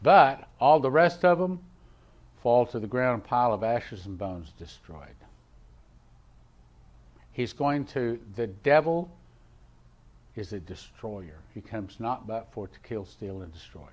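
A male pastor preaching a sermon, reading scripture aloud and moving between emphatic declarations and quiet asides. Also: mid-range voice, lively intonation, takes it slowly, long pauses, muffled recording. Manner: reads King James verses aloud.

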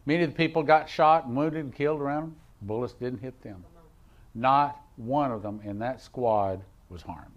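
A male pastor preaching a sermon, reading scripture aloud and moving between emphatic declarations and quiet asides. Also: medium pitch, normal speed, lo-fi sound. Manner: reads King James verses aloud.

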